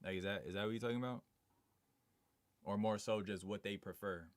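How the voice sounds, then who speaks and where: Man, casual streamer, slangy and laid-back, fairly low voice, dry close sound. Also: steady tone, fairly quick, dry recording. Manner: slangy, laid-back, reads chat aloud and answers it. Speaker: live streamer. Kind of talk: casual live stream chat.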